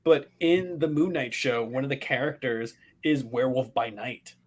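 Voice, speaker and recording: A man co-hosting a podcast, excitedly retelling his movie reactions in casual, swearing chat. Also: medium pitch, normal speed. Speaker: podcast co-host.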